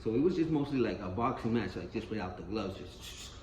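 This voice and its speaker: A man's voice: lowish voice, animated, fairly quick, a little mellow, a little hiss or hum. A man telling a street story in a casual, rambling and profane way, often repeating himself. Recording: roomy echo, faint ambience.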